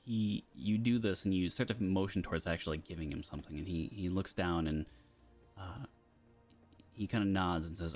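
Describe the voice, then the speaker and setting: Low-voiced man narrating a tabletop game. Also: brisk, darkish tone. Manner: casual, hesitant narration with many fillers. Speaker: game master. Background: background music.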